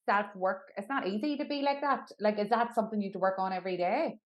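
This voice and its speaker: A woman's voice: mid-range voice, fast talker. A woman hosting a podcast interview, chatting in a candid, self-deprecating way. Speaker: podcast host.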